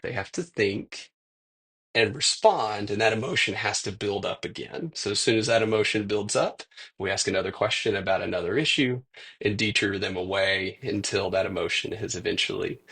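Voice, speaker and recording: A conflict resolution expert in his forties talks casually as an interview guest, chuckling now and then. His fairly low voice is gravelly and husky, with a pushed, bright quality.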